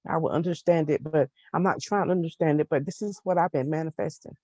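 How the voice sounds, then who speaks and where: A woman on a group video call, speaking in a heartfelt, halting way as she holds back tears and asks a question. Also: sits low, mellow, no room sound. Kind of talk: emotional testimony and question.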